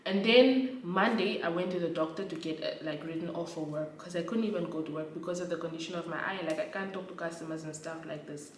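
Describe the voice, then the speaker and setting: A woman's voice: lowish voice, fast talker, few pauses. Woman, casual vlog storytelling, emphatic, echoey room, faint background hum. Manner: animated, emphatic retelling. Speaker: vlogger. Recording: roomy echo, distant from mic.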